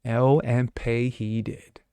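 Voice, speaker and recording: A man's voice: mid-range voice, little pitch movement, slow pace, warm tone, clean tone, dry recording. A man hosting his own show, reading news stories and giving blunt, sarcastic commentary with frequent fillers. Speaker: host.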